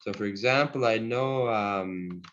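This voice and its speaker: A man's voice: lowish voice, a bit bright. Friendly man teaching over video call. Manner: friendly and encouraging, chuckles often, slows down to model words. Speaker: Cree language teacher. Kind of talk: online language class over video call. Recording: dull lo-fi video call audio.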